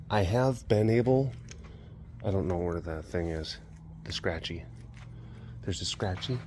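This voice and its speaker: A man, an animal keeper vlogging outdoors by the enclosures, chatting in a rambling, excitable way with lots of fillers. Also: low voice, unhurried, pauses often, slight background noise. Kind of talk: casual vlog chat.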